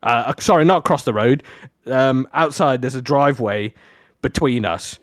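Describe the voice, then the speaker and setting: A young man originally from Africa, co-hosting a podcast and telling a long story in a casual, swearing, animated way. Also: medium pitch, moderate pace, no echo. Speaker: podcast co-host.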